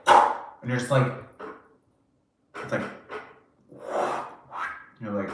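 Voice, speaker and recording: A man giving a channeled tarot reading, animated and casual, acting out quoted reactions, swearing now and then and laughing often. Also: medium pitch, very slow, pauses often. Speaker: tarot reader. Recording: very echoey room.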